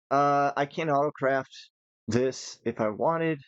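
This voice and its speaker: A man's voice: mid-range voice, takes it slowly, no echo, highs cut off. Tired man rambling over gameplay. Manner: chatty, rambling, thinks aloud. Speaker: gaming channel host. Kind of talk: casual gameplay commentary.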